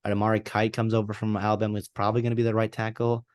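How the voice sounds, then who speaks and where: A man with a fairly low voice co-hosts a sports podcast, rambling through his points with frequent restarts. The sound is dry and close, with little room around it. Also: completely flat delivery, racing, darkish tone, dry recording. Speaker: podcast co-host. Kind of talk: casual sports podcast chat.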